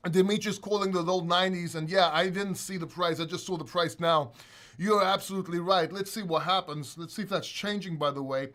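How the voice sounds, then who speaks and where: A man's voice: sits high, a bit bright. A man hosting a casual crypto livestream, talking loosely, laughing a lot and swearing freely.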